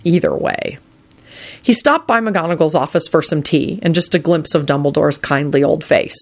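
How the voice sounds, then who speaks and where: Expressive woman reading a story. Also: sits low, moderate pace. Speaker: narrator. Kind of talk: reading fan fiction aloud.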